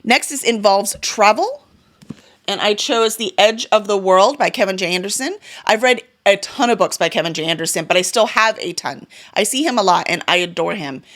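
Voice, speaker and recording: In a casual vlog on her reading goals, a book vlogger and publisher talks through the books she intends to read. She speaks with a medium-pitched, slightly bright voice, chatty and eager, with fillers and small self-corrections along the way.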